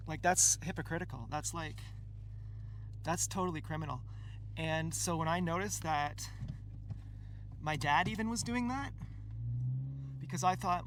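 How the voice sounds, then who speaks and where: A man's voice: on the high side, measured pace, pauses often, a bit bright, slight background noise. A man vlogging in a meandering, stream-of-consciousness monologue, full of fillers and casual swearing. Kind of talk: rambling personal monologue.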